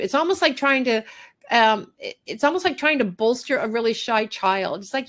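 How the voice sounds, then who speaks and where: A middle-aged master groomer woman giving a workshop talk, animated, repeating phrases and acting out little dialogues. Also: on the high side, a little fast.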